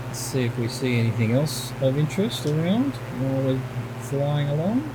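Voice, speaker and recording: A man's voice: mid-range voice, animated, normal speed, background noise. A middle-aged Australian man giving gameplay commentary as a streamer, musing and talking himself through what he is doing at home.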